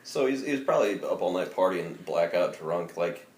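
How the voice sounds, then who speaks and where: A man's voice: sits low, expressive, normal speed, a little mellow, recorded from a distance, a little hiss or hum. A man co-hosting a casual podcast who sums things up with wry interjections, recorded on a phone or tablet. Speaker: podcast co-host. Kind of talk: casual chat. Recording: roomy room audio.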